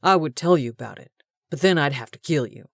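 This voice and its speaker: A woman's voice: deep voice, animated, fairly quick, vocal fry, dry recording, clean studio sound, full character voice. Woman reading as a cocky young male show-off. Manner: brash, boastful.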